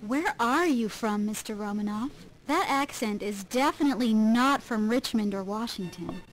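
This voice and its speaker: A woman's voice: fairly high pitch, normal speed, natural voice, low-quality recording. An actress playing a polite, curious teenage girl in a 1990s game video.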